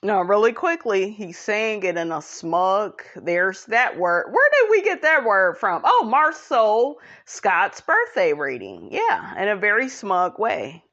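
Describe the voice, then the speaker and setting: A woman's voice: big pitch swings, takes it slowly, few pauses, a bit bright. A woman giving blunt, sassy and profane celebrity gossip commentary as a vlogger. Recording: dull low-fi audio.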